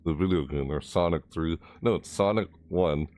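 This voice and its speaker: A man's voice: low-pitched, moderate pace, darkish tone. A man chatting casually on a live stream, rambling, reading chat messages aloud and chuckling.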